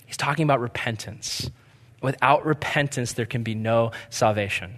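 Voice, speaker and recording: A man preaching a sermon earnestly, pressing hard on some points and dropping to a hush on others. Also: mid-range voice, normal speed. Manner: earnest, swings from emphatic to hushed. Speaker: pastor. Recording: long reverb of a large hall.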